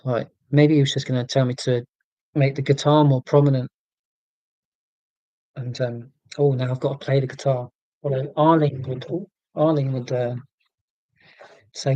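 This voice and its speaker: A man's voice: medium pitch, steady tone, moderate pace, pauses often, mellow, dry recording, highs cut off. A man hosting a casual livestream, rambling from home while reading out viewer comments in a chatty, self-deprecating way. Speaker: livestream host.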